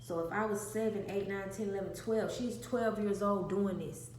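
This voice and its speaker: A woman's voice: medium pitch, normal speed, a little mellow. Woman, emotional storytelling, repeats herself for emphasis, roomy echo. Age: adult with an infant. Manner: earnest, repeats phrases for emphasis, addresses viewers directly. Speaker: vlogger sharing a personal testimony. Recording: echoey room with faint noise.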